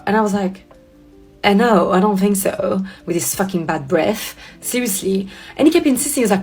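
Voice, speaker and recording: A woman telling a personal story to camera, animated and indignant, swearing often. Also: mid-range voice, fast talker, slightly rough, soft background music.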